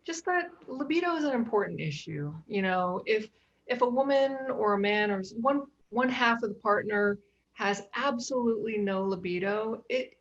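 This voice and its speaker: A woman's voice: mid-range voice, highs cut off. A woman doctor, a guest on an interview, talking casually and often agreeing with short replies. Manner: agreeable, frequent short affirmations. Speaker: functional medicine doctor, guest.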